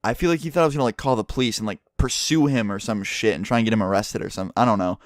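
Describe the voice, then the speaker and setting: A young man casually telling a story to his channel, full of swearing and animated retelling. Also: lowish voice, rapid-fire, no echo, clean studio sound. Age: young adult.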